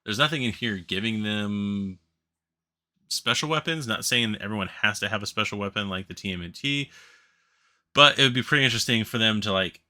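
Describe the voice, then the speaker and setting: Man, deep voice, very bright edge, rambling casual commentary, sleepy, self-correcting. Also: brisk. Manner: rambling, self-correcting, laughs at his own slips. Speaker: board game channel host. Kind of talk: casual solo commentary on a crowdfunding campaign.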